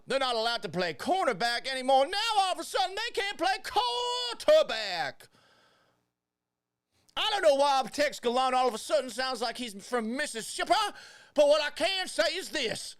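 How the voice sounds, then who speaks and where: A man doing a loud, outraged Texas sports fan with a put-on Southern drawl, ranting trash talk. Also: very high voice, smooth, pitched above the performer's own voice, full character voice.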